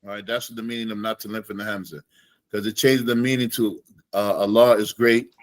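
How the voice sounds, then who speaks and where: A man teaching an Islamic studies class in a relaxed way, slowing down to demonstrate Arabic phrases. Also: on the low side, no room sound, rough recording.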